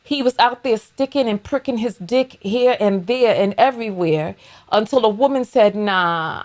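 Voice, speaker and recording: A woman hosting a reaction video, giving blunt, mocking, profane commentary as she takes down her braids at home. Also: medium pitch.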